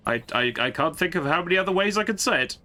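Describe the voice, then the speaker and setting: A man's voice: high-pitched, expressive, fast talker, pushed and bright. A man giving casual, jokey live-stream commentary while playing a strategy game, often stumbling and restarting his sentences.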